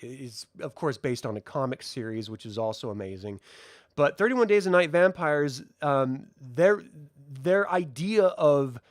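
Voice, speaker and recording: A man hosting a casual film review, answering viewer questions in an animated, passionate way with frequent fillers. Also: on the high side, no room sound, studio quality.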